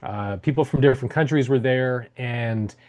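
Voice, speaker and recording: A man's voice: mid-range voice, normal speed, a little mellow. Rambling male co-host in casual chat. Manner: rambling storyteller with fillers and restarts. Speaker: podcast co-host.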